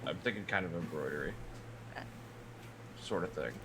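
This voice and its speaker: A man talking as a player in a tabletop game, his voice at an ordinary pitch. He rambles and gropes for words with many fillers. A clear hiss runs behind the voice-chat audio. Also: moderate pace.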